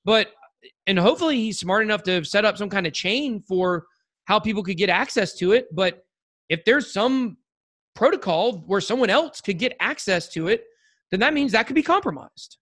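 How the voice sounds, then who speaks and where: A man's voice: sits high, expressive, moderate pace, fairly bright tone. A man co-hosting a podcast in casual chat, rambling and joking with lots of restarts and fillers. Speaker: podcast co-host.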